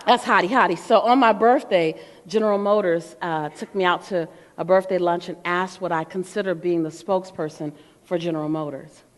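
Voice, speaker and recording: A middle-aged woman giving an animated motivational talk to a live audience, playful and calling out to the crowd. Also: fairly low pitch, moderate pace. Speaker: motivational speaker. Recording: long hall reverb.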